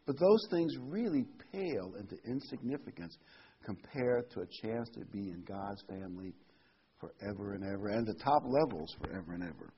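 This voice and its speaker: A man's voice: lowish voice, animated, moderate pace, dull audio, slight background noise. A man preaching a sermon, earnest and emphatic, reading scripture aloud and stressing key words.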